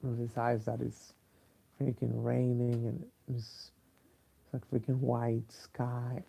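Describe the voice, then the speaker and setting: Sleepy, gravelly man. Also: mid-range voice, completely flat delivery, warm tone. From Mexico. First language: Spanish. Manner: halting, many fillers and restarts, profane. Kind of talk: rambling casual monologue.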